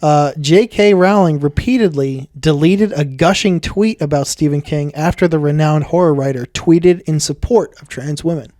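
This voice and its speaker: A man's voice: on the high side, moderate pace, hardly any pauses, a little mellow, no room sound, studio quality. A man co-hosting a podcast, reading news items aloud with wry asides. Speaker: podcast co-host. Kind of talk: casual podcast banter.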